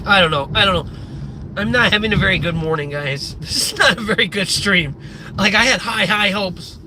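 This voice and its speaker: A man's voice: high voice, animated, moderate pace, noisy background. A man from the Midwest US, a live streamer, ranting casually and profanely and wandering off on tangents. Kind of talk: casual livestream rant.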